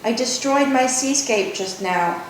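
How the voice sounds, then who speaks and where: A woman reading a novel aloud, voicing a quick-tempered young woman artist who speaks in a snappish, frustrated way. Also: natural voice. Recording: echoey room, faint rumble.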